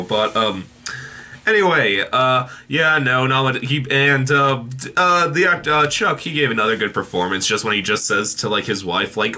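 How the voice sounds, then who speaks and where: A man talks through a TV episode review off the cuff, circling back and restarting his sentences with plenty of ums and likes. His voice is bright and clear-toned, sitting at an ordinary pitch for a man. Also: normal speed. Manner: rambling, many fillers and restarts. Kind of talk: casual unscripted review.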